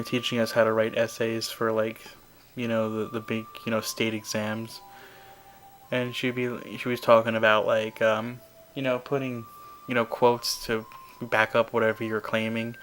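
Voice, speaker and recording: A young man rambles through casual gameplay commentary, full of fillers and dry, sarcastic asides. His voice sits at an ordinary middle pitch. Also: fairly bright tone, slight background noise. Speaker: let's play host.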